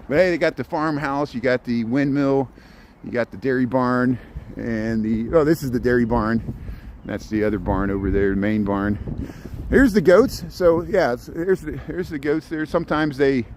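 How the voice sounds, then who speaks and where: Middle-aged guy rambling on a phone vlog outside, faint traffic noise. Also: normal speed. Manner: chatty, rambling, talks to the animals in a high playful voice. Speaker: walking tour vlogger. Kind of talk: casual walking vlog narration. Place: outdoors at a city zoo farm in winter.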